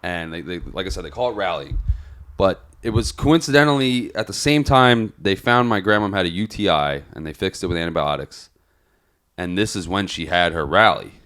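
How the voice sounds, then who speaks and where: A man's voice: deep voice, animated, normal speed, fairly bright tone. A young man on a podcast, telling a long personal story in a rambling, profane, casual way. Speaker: podcast co-host.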